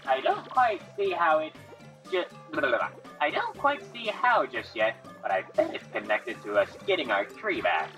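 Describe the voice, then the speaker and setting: A woman's voice: low-pitched, big pitch swings, normal speed, a bit bright, soft background music. A woman voicing an earnest young male creature who leads his small tribe. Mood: thoughtful.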